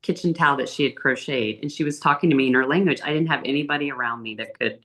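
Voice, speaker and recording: Low-voiced woman telling travel stories. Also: fast. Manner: chatty, animated storytelling with big pitch lifts. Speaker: interview guest. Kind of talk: casual interview storytelling.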